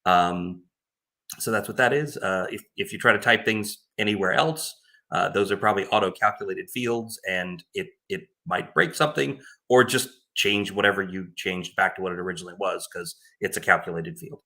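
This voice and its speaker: A man's voice: sits low, normal speed, sharp tone. A man who runs tournaments, informally and plainly walking through his scoring tools in a casual screen-share tutorial.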